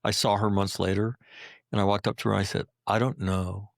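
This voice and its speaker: Gravelly low-voiced man telling stories. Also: flat delivery, fairly quick, dry recording, clean studio sound. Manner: blunt and profane, leans on "right?" and "you know". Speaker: podcast guest, Marine veteran. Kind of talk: emotional personal storytelling.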